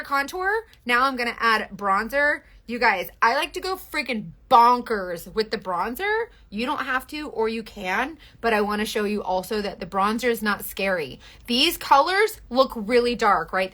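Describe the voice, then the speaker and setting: A young woman, chatting casually through a live-stream makeup tutorial, gushing over products and quickly apologizing for her own bluntness. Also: on the high side, sharp tone. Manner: chatty, gushing, quick self-deprecating asides.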